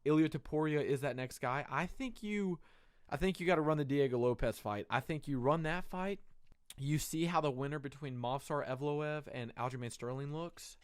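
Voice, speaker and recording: A young man giving a casual, excited breakdown of a fight, rambling with lots of fillers and the odd curse word. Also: a little high, moderate pace, clear, resonant tone, no echo, studio quality. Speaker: MMA reaction host.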